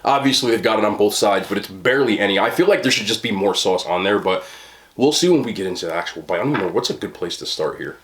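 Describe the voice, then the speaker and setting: A man casually reviewing fast food on camera, chatting with fillers and talking through mouthfuls at a desk mic. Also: on the low side, animated, fairly bright tone. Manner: chatty, talks while chewing, frequent fillers.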